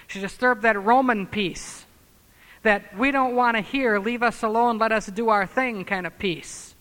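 Bright high-voiced preacher in echoing hall. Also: male voice, a little slow. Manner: emphatic, swings from loud declarations to low muttered asides; scornful, sarcastic asides. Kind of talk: sermon.

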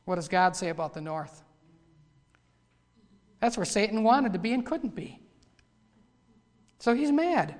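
A man preaching a sermon. He builds from quiet asides to loud, fervent cries when he reads scripture. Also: sits high, animated, a little slow, long pauses. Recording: long hall reverb.

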